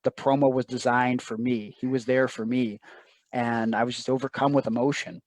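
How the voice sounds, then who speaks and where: A man's voice: mid-range voice, fairly even intonation, normal speed, dry recording. A man telling a personal story as an interview guest, earnest and emotional, often quoting others in asides.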